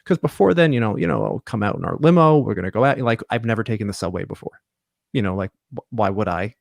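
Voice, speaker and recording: A man from Long Island, New York, telling his family business story as a guest in a relaxed, casual interview. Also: fairly low pitch, a little fast, vocal fry, no room sound, clean studio sound. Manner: relaxed, storytelling, many fillers. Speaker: guest, company executive.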